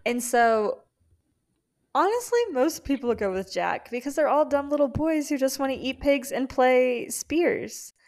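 A woman's voice: high voice, expressive, measured pace, a little mellow. A woman co-hosting a casual book podcast, recapping the plot with wry, dry asides. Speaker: podcast co-host.

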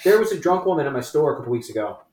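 Podcast co-host, male, casual and foul-mouthed, lively storyteller; roomy echo on the recording. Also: a little high, rapid-fire. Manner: swearing, acts out stories in voices. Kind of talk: casual chat.

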